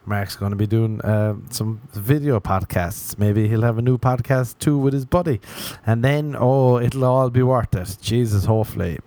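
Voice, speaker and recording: Irish man, podcast host, rambling self-mocking humor, mid pitch, slips into mock voices. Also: normal speed, dark tone, no echo. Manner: riffing, self-mocking, drifts into acted inner voices. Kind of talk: rambling comic monologue.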